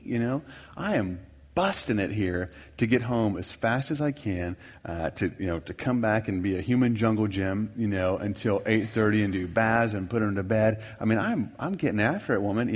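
A middle-aged man with a fairly low voice leads a marriage seminar. He talks in a folksy, rambling manner full of fillers and asides. A long reverb trails behind him in a large hall. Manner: folksy, rambling, self-deprecating with many fillers. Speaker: marriage workshop speaker. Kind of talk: conversational seminar teaching.

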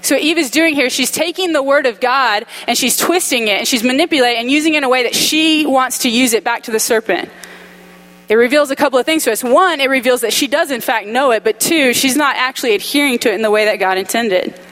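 A woman preaching a sermon in a conversational, animated way, acting out quoted voices with humorous asides. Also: high voice, fast talker, low-quality recording. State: dry mouth.

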